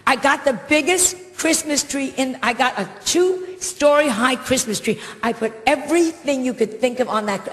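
A woman's voice: high-pitched, moderate pace, hardly any pauses. A female stand-up comedian doing bawdy, brassy, confiding live comedy. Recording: echoey live club recording with loud audience.

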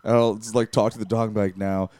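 A man's voice: on the low side, level tone, racing, a little mellow. A man hosting a talk show, bantering casually with crude jokes. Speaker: host. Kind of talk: casual chat.

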